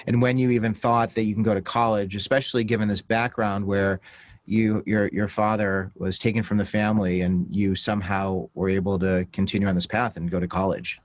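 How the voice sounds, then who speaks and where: A man's voice: on the low side, level tone, fairly quick, dry recording. A man hosting an interview with students, asking questions with frequent restarts. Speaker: host. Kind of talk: interview conversation.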